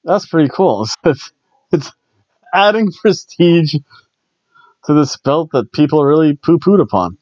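A man's voice: on the high side, animated, a little slow, long pauses, a little mellow, no room sound, muffled recording. A man hosting a casual solo wrestling review, chatty and rambling, often stumbling and restarting his words. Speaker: wrestling show reviewer, host.

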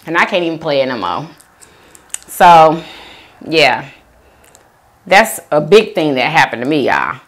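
A woman eating on camera and talking to her viewers in a loose, chatty way, her voice swooping up and down in lively pitch. She talks slowly, often drawing out words, and leans on "y'all" constantly. Chewing and small hums sit close on the mic. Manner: chatty, animated, says "y'all" a lot, chewing sounds. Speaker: mukbang vlogger. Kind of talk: casual eat-with-me chat.

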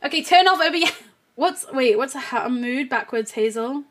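Bubbly high-voiced young woman streamer. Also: expressive, moderate pace, fairly bright tone. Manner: giggly, swears a lot, repeats phrases. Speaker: game streamer. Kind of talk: casual live-stream chatter.

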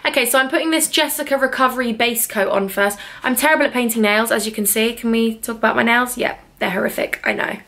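A woman's voice: on the high side, fast talker, few pauses, sharp tone. A young woman from England in her twenties, chatting casually to a handheld vlog camera at home, bubbly, rambling and self-mocking. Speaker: vlogger. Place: home, indoors.

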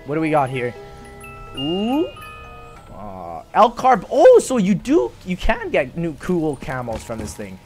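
Young male gamer, high-pitched, excitable and swearing, game music loud behind him. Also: slow pace. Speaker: gaming YouTuber. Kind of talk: live gameplay commentary. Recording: voice over loud game audio.

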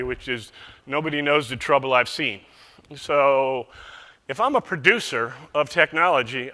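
Male keynote speaker, bright forceful voice, slightly high pitch, joking and conversational, long hall reverb. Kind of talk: conference keynote speech. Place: large conference hall.

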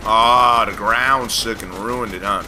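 A man's voice: fairly low pitch, steady tone, takes it slowly, background noise. A man hosting a let's play, rambling, teasing and talking back to the game as he plays. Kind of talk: joking gameplay commentary.

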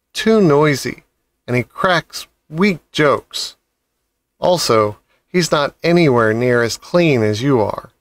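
A man's voice: mid-range voice, a bit bright, dry recording. A man doing a polite, precise spider lady. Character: polite, tired, wise female spider.

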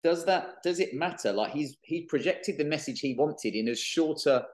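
A man hosting a podcast, relaxed and casual, giving short agreements and swearing offhandedly. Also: fairly high pitch, normal speed. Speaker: podcast host.

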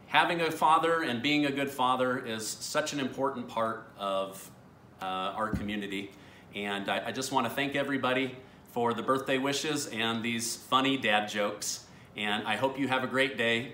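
A man's voice: medium pitch, bright, forceful tone, echoey room, slight background noise. A man hosting a family video, reading dad jokes aloud and laughing at his own punchlines. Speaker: YouTube host reading viewer dad jokes. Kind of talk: casual family vlog.

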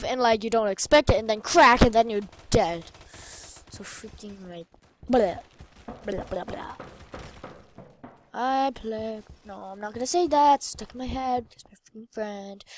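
A young woman giving casual commentary while playing a shooter game, excitable and often muttering to herself. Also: fairly high pitch, slight background noise. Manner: excitable, swears mildly, trails off into mumbling. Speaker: gamer. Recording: faint game gunfire behind.

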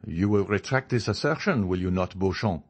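A man's voice: low-pitched, expressive, moderate pace. A man voicing a proud young nobleman in an audiobook, demanding and insistent, his anger held in. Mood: angry. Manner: insistent, demanding, stifled rage. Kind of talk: audiobook character reading.

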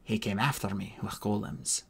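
A man voicing an old immortal alchemist who speaks quietly and gravely in a storybook audiobook. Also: fairly low pitch, fairly even intonation, normal speed.

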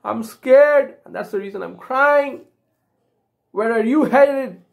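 A woman's voice: high voice, slow pace, creaky, phone-quality sound, pitched above the performer's own voice, heavily acted. A woman teacher voicing a timid, weeping male lion who calls himself a coward.

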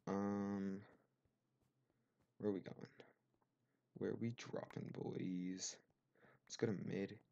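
Sarcastic gamer, low gravelly voice. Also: male voice, darkish tone. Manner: sarcastic, mock-offended rants. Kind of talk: gameplay commentary. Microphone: cheap desk mic.

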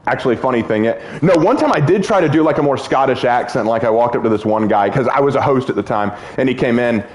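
A man's voice: mid-range voice, quick pace. A young man streaming a game, chatting casually and joking with friends. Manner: laughing, joking, animated. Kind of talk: casual gaming chat.

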